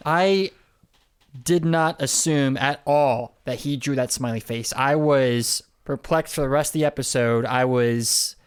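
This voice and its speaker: Mid-pitched guy chatting about a tv episode, laughs easy, jumps in a lot. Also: clean tone. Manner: chatty, laughs often, quick interjections. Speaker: podcast co-host. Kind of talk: casual episode recap chat.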